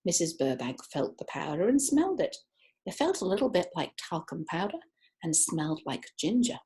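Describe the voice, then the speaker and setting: Expressive woman reading a children's story. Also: on the low side, moderate pace. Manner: expressive storyteller, stretching key words. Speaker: narrator.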